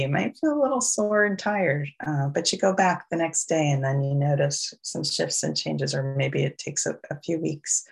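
A meditation teacher with a New York accent, guiding a slow, soothing loving-kindness meditation and gently inviting listeners along. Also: mid-range voice, vocal fry, husky.

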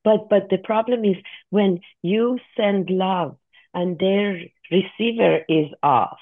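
A woman student asking a question in class, speaking slowly and haltingly. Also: mid-range voice, no echo, phone-quality sound.

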